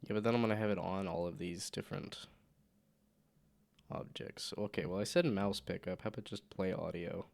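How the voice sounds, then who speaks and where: A man's voice: deep voice, steady tone, moderate pace, vocal fry. A man with a sick voice, casually thinking aloud and muttering to himself while coding on a live stream. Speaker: game developer streaming live.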